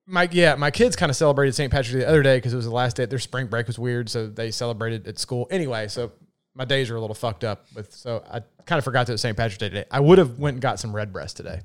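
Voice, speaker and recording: A man's voice: medium pitch, quick pace. Laid-back Southern man, casual chat. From American South. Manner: laid-back, swears freely, laughs often. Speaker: podcast co-host.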